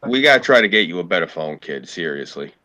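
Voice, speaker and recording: A man's voice: low-pitched, very animated, quick pace, a crowd in the background. A man telling long, rambling stories in a casual group chat, swearing freely. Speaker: podcast co-host.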